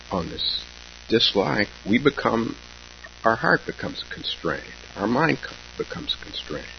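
A man, a Zen teacher, giving a dharma talk in a slow, halting, reflective way with pauses and soft laughs. Dull lo-fi recording with a faint hum. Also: deep voice.

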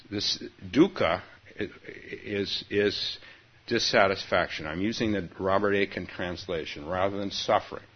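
Husky low-voiced man giving a dharma talk. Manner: hesitant, many ums and uhs, chuckling asides. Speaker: Zen teacher. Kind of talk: dharma talk with a read-aloud story. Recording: dull lo-fi recording.

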